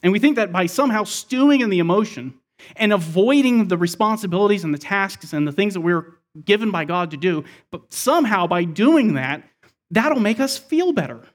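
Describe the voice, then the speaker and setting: Male pastor, higher-pitched voice, verse-by-verse sermon, soft drops at key lines. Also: expressive, normal speed. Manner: expository, explains scripture verse by verse.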